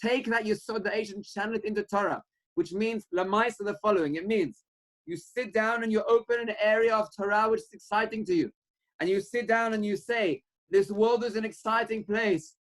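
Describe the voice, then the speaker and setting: High-voiced earnest man teaching Torah. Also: brisk, poor audio. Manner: earnest, rising to animated when quoting, mixes Hebrew and Yiddish terms. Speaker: rabbi giving a Torah class. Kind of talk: Torah class with storytelling.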